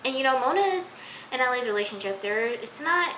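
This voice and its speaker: A woman's voice: sits high, animated, fairly quick, pushed and bright. A young woman casually reviewing a TV episode, rambling with many fillers and incredulous asides. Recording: echoey room with faint hiss.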